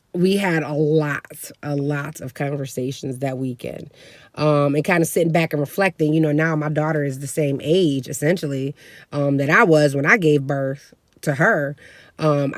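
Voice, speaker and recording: A woman in her thirties telling a family story in a casual, slangy vlog, animated and laughing along. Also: sits low, no room sound. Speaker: vlogger.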